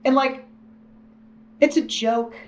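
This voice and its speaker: A man telling his own story about working as an employee, rambling and self-deprecating, quoting other people in animated voices. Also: very high voice, slow, a little hiss or hum. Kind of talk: personal storytelling in a video.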